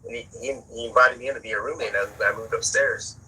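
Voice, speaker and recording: A man's voice: mid-range voice, fairly even intonation, fast talker, bright, forceful tone, a little hiss or hum, rough recording. A man telling a personal story in an interview, casual and profane, often repeating words as he searches for them.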